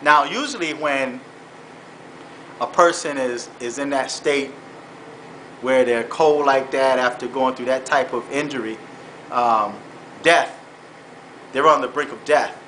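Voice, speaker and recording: A man with a fairly high, forceful voice tells his story in an earnest, halting way, often repeating words and saying "man". It is a personal vlog that shifts toward faith-based exhortation. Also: slight background noise, rough recording. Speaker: vlogger.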